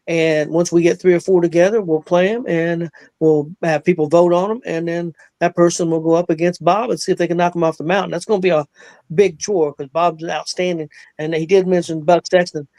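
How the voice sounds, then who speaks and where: A male host of a casual talk show, speaking plainly and haltingly with frequent pauses as he welcomes a guest. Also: on the high side, steady tone, a little mellow, no room sound.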